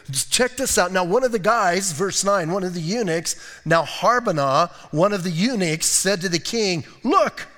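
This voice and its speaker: Male pastor, sermon, animated, conversational, high voice, long hall reverb. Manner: animated and conversational, acting out quotes, laughing often.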